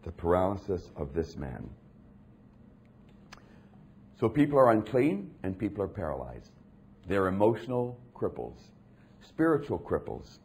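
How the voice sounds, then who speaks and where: A man preaching a sermon in a dramatic, emphatic way, dropping low and hushed and then building to loud, intense stretches. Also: very animated, moderate pace, slight background noise.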